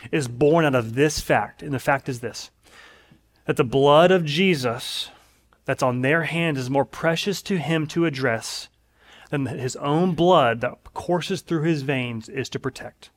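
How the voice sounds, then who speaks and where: Earnest man preaching, fairly high voice. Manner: earnest, emphatic preaching with repeated phrases. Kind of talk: sermon.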